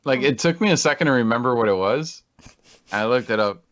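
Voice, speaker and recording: A man chats as co-host on a casual podcast. He sounds excitable, and his voice is very animated, rising and falling a lot. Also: mid-range voice, a little fast, no echo, lo-fi sound. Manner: excitable, lively. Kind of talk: casual chat.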